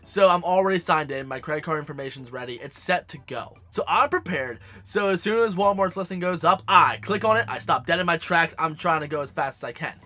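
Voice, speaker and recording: High, bright-voiced sassy young man. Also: fairly quick, hardly any pauses, dry recording. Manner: animated, sassy, swears freely. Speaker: gaming vlogger. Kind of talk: casual storytelling to camera.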